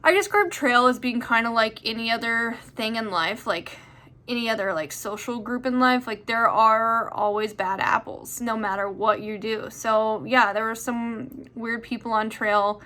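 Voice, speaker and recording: A woman's voice: fairly high pitch, steady tone, a little slow, pushed and bright. A young woman answering viewer questions in a chatty, rambling way with lots of fillers. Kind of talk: casual chat.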